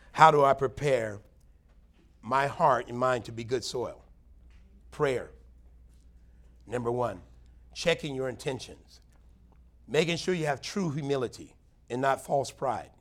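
A man's voice: medium pitch, a bit bright. A man preaching a plain-spoken Bible teaching sermon, earnest and conversational, with emphatic bursts. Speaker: pastor.

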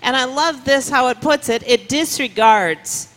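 A woman's voice: high-pitched, a bit bright, slight background noise. Woman pastor reading scripture in a church hall. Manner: reads scripture aloud slowly with emphasis. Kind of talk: sermon. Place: church sanctuary. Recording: long reverb of a church hall.

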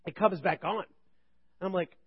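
Man, 30s, youth pastor, high voice, animated storytelling, joking asides, muffled recording. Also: a little slow, slightly rough. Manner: animated, joking, rambling with restarts. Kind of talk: humorous sermon storytelling. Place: church service. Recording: dull lo-fi recording.

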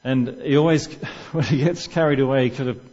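A man delivers a sermon in a church in an easy, conversational way, putting questions to his listeners. His voice sits at a middle pitch. The recording sounds somewhat dull and lo-fi. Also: fairly even intonation, brisk, a little mellow. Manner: conversational, asks the congregation questions. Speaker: preacher.

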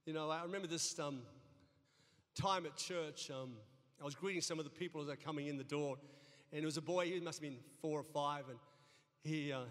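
A man's voice: on the high side, a bit bright. A middle-aged male pastor preaching a sermon in a church, telling folksy stories with humor and often repeating his words. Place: church sanctuary. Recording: long reverb of a church hall.

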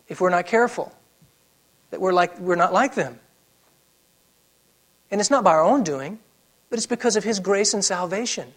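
A man's voice: high voice, normal speed, long pauses. Man preaching a sermon with big dynamic swings. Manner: preaching with swings from loud emphasis to soft, hushed lines; conversational asides with fillers and restarts. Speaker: pastor.

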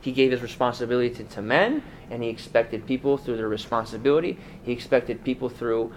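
A man's voice: mid-range voice, fairly quick, slight background noise. A male pastor preaching a sermon in a conversational way, asking the congregation rhetorical questions.

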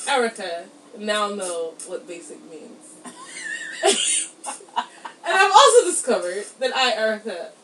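A woman co-hosting a podcast in casual chat, giggly and animated, swearing freely. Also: on the high side, recorded from a distance, a little hiss or hum. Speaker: podcast co-host. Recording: roomy, from off the mic, faint ambience.

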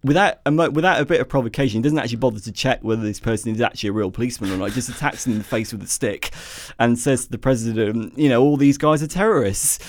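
A man's voice: mid-range voice, very fast, hardly any pauses, no room sound. A man co-hosting a podcast, sarcastically tearing into a movie with lots of ums and restarts. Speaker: podcast co-host. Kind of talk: casual film review chat.

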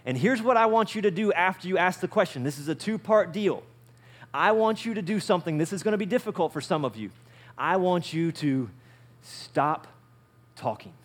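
A male pastor preaching a sermon in a relaxed, conversational way, with a fairly high-pitched voice. He repeats his phrases and moves between loud, punchy lines and quiet asides. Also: normal speed.

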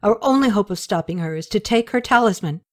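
A woman reading the part of a stern, scheming male high priest, in a grave and insistent manner. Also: lively intonation, fast talker, lightly acted.

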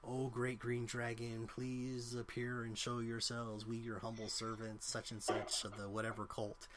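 A man voicing a male cult leader, slowly intoning a prayer to a dragon. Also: on the low side, steady tone, heavy background noise. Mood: solemn. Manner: slow, intoning, repetitive prayer.

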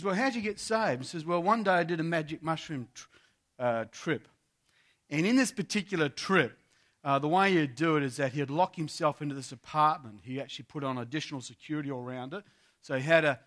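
Bright-voiced storytelling male pastor. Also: a little high, brisk. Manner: vivid storytelling, addresses congregation as friends; emphatic preaching, repeats key phrases. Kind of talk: sermon.

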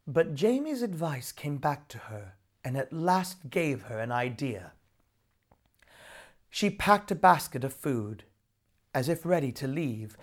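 A woman reading a children's story aloud with expressive narration. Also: low voice.

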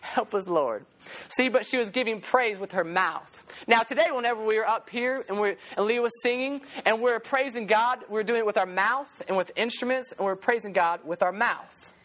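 Brief: lively woman youth preacher, higher voice, animated storyteller. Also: brisk. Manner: animated storytelling, acting out quotes. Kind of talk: sermon to a youth group.

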